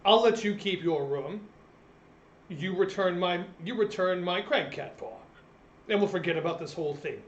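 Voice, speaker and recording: A man's voice: high-pitched, normal speed, reverberant, lo-fi sound, slight background noise, natural voice. A man voicing an evasive, wrinkled old male innkeeper who brushes people off dismissively. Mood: accusing. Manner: dismissive and hand-waving.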